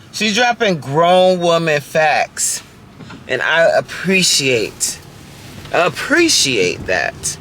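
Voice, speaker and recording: A woman in her forties, a fitness coach vlogging casually from her car, talking straight to viewers with lively rhetorical questions. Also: fairly low pitch. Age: 40s. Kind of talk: casual chatty vlog while driving. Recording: faint car noise in background. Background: faint road and vehicle noise.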